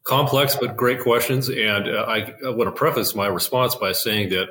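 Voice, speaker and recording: Older male guest, low-pitched, measured, lots of fillers and restarts. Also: sharp tone, slight background noise, rough recording. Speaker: investment officer, guest. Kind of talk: finance interview, explanatory.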